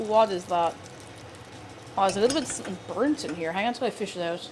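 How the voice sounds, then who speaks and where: A woman's voice: mid-range voice, lively intonation, fairly quick, pauses often, slight background noise. A woman cooking on a live stream, chatting playfully with her viewers as she works. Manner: chatty, playful, talks to chat while cooking. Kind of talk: casual cooking stream chat.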